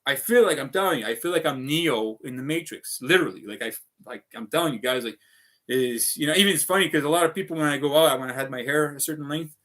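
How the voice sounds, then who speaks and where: A man's voice: on the high side, quick pace, fairly bright tone. A man rambling through a casual livestream, swearing often and piling up fillers as he talks. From Canada. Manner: profane, restless, full of fillers.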